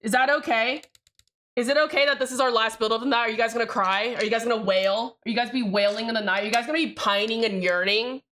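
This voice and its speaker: A woman's voice: on the high side, steady tone, quick pace, pushed and bright. A young woman streaming live, chatting loosely with her viewers and swearing freely while she builds a keyboard. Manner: chatty, rambling, swears freely, addresses chat directly. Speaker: livestreamer.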